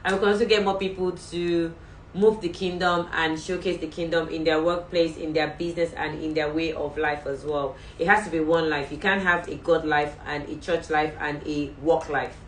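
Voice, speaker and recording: A woman's voice: deep voice, steady tone, normal speed, far from the mic. A Nigerian woman hosting a faith show, giving earnest, chatty exhortations as she signs off a livestream. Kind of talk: livestream sign-off talk. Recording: roomy, off-mic, faint background hum.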